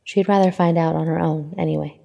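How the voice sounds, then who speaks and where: A woman narrates fan fiction in a steady, even manner. Her voice sits low with a gravelly fry and a mellow tone. A long reverb trails behind her. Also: a little fast.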